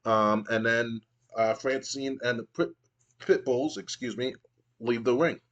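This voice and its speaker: A man's voice: medium pitch, steady tone, measured pace, a bit bright, lo-fi sound. A man narrating his wrestling sim playthrough in a casual, play-by-play way. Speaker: gaming video host.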